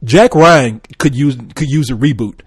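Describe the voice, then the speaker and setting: A man co-hosting a podcast in casual, rambling chat, cursing freely and getting animated. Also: medium pitch, moderate pace, slightly rough, dry recording, clean studio sound. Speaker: podcast co-host.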